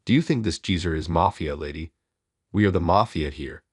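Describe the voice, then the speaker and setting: Brief: low, husky young thugs, jeering, read by a man narrator. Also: a little fast, no room sound, studio quality. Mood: taunting. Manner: taunting, insulting. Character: three rude young male thugs.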